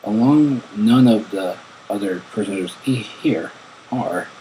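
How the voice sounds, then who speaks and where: A man's voice: lowish voice, slow pace, dark tone, a little hiss or hum, low-quality recording. A man reading a fan interview aloud, stumbling and repeating words as he goes. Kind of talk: halting read-aloud narration.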